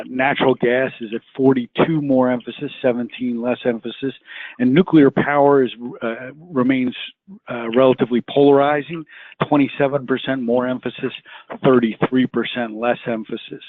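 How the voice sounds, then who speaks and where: A man presenting survey results in a webinar, halting often with filler sounds. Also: mid-range voice, fairly even intonation, dry recording. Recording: tinny phone-line audio, dry.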